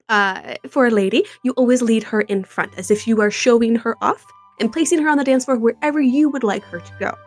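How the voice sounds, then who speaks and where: A courteous young debutante, played by a woman in a tabletop role-play, speaking in a fairly high voice with prim, proper turns of phrase. The recording is dry and close, with soft music underneath. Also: dry recording. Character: polite, spirited young debutante.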